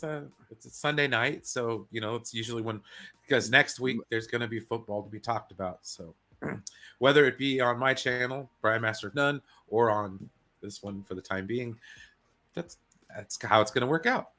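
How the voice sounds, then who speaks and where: A man with a bright, sharp voice from Northern California talks sports on a stream. He is enthusiastic and casual, swearing freely and calling everyone "dude.". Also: mid-range voice, normal speed. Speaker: guest co-host.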